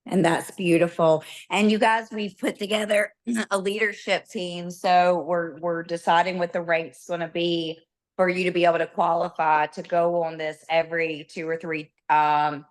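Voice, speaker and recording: A woman's voice: lowish voice, little pitch movement, normal speed. A woman leading a team call, encouraging the group and making upbeat announcements. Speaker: team leader hosting the call.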